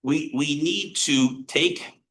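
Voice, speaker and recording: Casting: middle-aged American professor, earnest motivational lecturer, blunt, bright forceful tone. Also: male voice, a little high, takes it slowly, low-quality recording. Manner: blunt, earnest, swears casually, swings from loud to hushed. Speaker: positive psychology professor.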